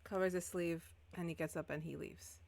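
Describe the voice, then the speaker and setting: A woman's voice: fairly low pitch, fairly even intonation, normal speed, creaky, darkish tone. A woman running a tabletop game as game master, narrating in a casual, loose way.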